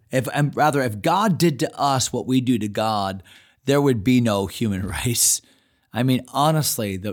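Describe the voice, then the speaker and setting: Male pastor, mid-range voice, earnest expository preaching with lively paraphrase. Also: medium pitch. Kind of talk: expository sermon. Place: church.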